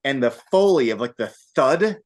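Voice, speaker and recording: A man on a casual podcast, talking about a movie with animated energy and frequent swearing. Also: mid-range voice, normal speed. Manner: animated, acts out scenes with put-on voices and laughter; swears freely. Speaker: podcast co-host.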